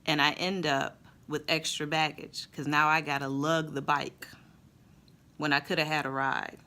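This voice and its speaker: A woman and mother telling a family story in a casual, expressive way, then drawing a faith lesson from it. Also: low-pitched, moderate pace. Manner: conversational, expressive, with fillers. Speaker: mother and Christian vlogger.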